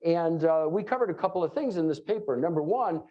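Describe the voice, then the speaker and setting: A middle-aged man from New York City with a New York accent, giving a fast, joking conference talk full of fillers. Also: on the high side, animated. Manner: fast-talking, joking asides, many fillers. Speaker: conference lecturer. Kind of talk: live conference presentation. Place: conference room before an audience. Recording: dull lo-fi room recording.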